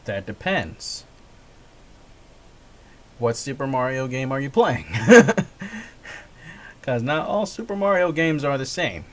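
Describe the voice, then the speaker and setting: A man's voice: mid-range voice, big pitch swings, slow, long pauses. A man talking casually in a gaming vlog, rambling, correcting himself and laughing often. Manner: rambling, chuckling, self-correcting. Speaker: gaming vlogger. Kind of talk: casual monologue.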